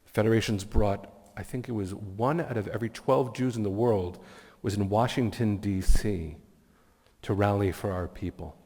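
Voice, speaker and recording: A man's voice: fairly low pitch, moderate pace, dark tone, in a large hall. A man giving a heartfelt, inspirational speech with personal stories as guest speaker at a community meeting. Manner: heartfelt, earnest storytelling. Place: community event hall.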